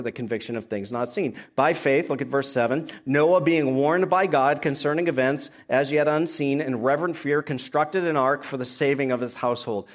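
A man, a pastor, preaching a sermon, reading scripture passages aloud and explaining them verse by verse. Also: medium pitch.

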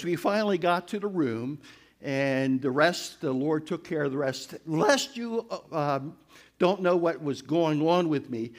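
An older man giving a storytelling testimony to a church congregation, animated and crying out as he retells events. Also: a little high. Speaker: church speaker.

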